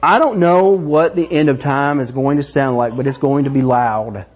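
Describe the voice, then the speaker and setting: A middle-aged man preaching a sermon, animated and excited, acting out voices. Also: medium pitch, moderate pace, dull audio. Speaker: pastor.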